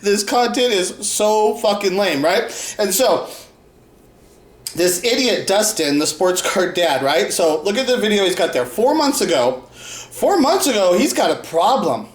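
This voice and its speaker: A man's voice: sits high, lively intonation, unhurried. A man hosts his own commentary show with a crude, profane, mocking rant, laughing between lines. His voice sits in an ordinary middle range. The sound is roomy and echoey. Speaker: host. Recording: roomy echo.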